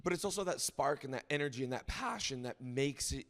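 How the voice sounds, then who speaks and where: A man's voice: medium pitch, lively intonation, a little fast, a bit bright. A man hosting a comedy podcast, chatting casually and cheering his guest on with short agreements. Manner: encouraging, chimes in with short agreements. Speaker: podcast host and comedy club runner.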